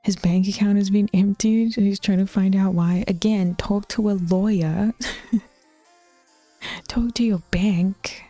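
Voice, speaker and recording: A woman with a New Zealand accent chatting casually with her viewers as a Twitch streamer, bluntly teasing and slipping into soft whispered asides. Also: medium pitch, fairly even intonation, slow, pauses often, no echo, soft background music.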